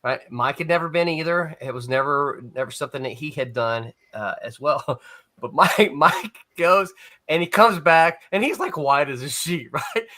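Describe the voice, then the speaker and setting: Speaking at a normal speed in a slightly high, sharp voice, this man is a one-time comics editor meandering through a story on a casual panel. His telling is full of chuckles and false starts.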